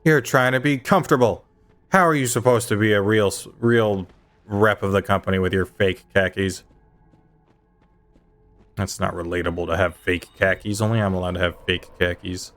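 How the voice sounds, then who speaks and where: A man's voice: low-pitched, steady tone, normal speed, fairly bright tone, faint music behind. A young adult man streaming a game, chatting casually and ranting with emphatic, mock-outraged insistence. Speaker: gaming streamer.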